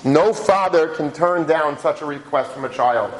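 A man giving a religious talk, telling a story in a halting way with many restarts. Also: fairly high pitch, low-quality recording. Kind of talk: sermon storytelling.

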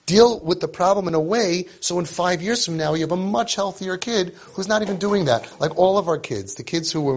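A man's voice: fairly high pitch, husky. A man coaching parents in an informal lecture, emphatic and repetitive, who drops Hebrew and Yiddish terms into his talk. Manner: acts out parents and kids in quotes.

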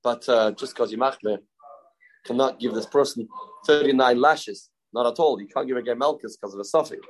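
A man's voice: mid-range voice, normal speed. Man thinking aloud through a Talmud class. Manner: thinking aloud, repeating phrases, mixing Hebrew terms into English. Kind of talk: informal Talmud lesson.

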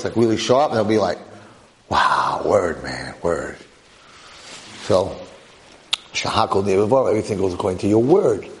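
A man teaching a lively Torah class to a live audience as a rabbi, telling the story with energy and firing off rhetorical questions. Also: medium pitch, slight background noise, poor audio.

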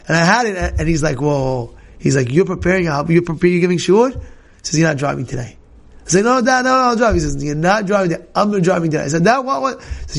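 A man teaching a Torah class to students in the room, telling stories with passion, sprinkling in Hebrew and Yiddish terms, and breaking into shouts at the peaks. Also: creaky. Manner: animated, bursts into shouting at the high points. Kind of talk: impassioned storytelling lesson. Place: live class with students present.

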